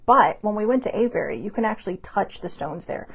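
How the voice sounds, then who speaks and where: A woman's voice: medium pitch, expressive, fast talker, creaky, husky. A woman hosting a live stream, talking in a rambling, chatty way, blunt and upbeat, laughing often. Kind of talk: casual chatty monologue. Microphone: phone or webcam on a live stream.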